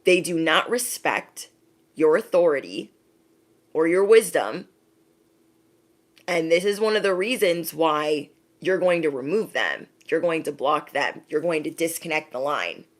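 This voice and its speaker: A woman talks straight to her viewers in a casual spiritual pep talk. She drives each point home by repeating phrases and checking in with a quick "okay?". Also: low-pitched, expressive. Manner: emphatic, repeats phrases, direct address with frequent "okay?". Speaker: spiritual reader.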